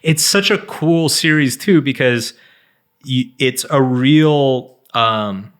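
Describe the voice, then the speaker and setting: A man's voice: mid-range voice, takes it slowly, fairly bright tone. Rambling man in casual chat. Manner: rambling, heavy use of "like", frequent restarts. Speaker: guest author.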